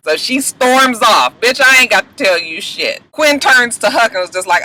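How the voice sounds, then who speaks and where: A man with a high voice and a very bright, sharp tone recaps a TV episode in a sassy, casual way. He swears freely and slips into the characters' lines as he retells the scenes. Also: lively intonation, a little fast, hardly any pauses, slight background noise, rough recording. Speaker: TV recap vlogger.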